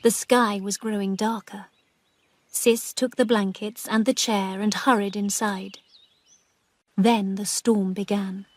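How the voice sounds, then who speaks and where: A woman narrating a graded story for English learners in a slow, careful way. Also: medium pitch, fairly even intonation, dry recording.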